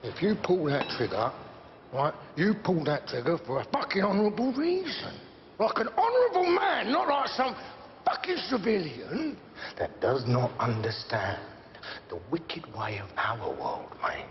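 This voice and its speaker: An actor playing a volatile, swaggering middle-aged London gangster with a gruff, profane, rambling manner and a London accent. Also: male voice, fairly high pitch, big pitch swings, measured pace, in a large hall, muffled recording, background noise. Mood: ranting. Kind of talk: TV crime drama acting.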